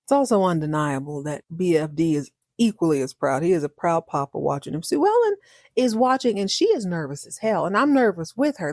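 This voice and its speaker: Brief: woman recapping TV episodes, animated and slangy, low voice. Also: dry recording, studio quality. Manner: animated, slangy, joking asides. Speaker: podcast host.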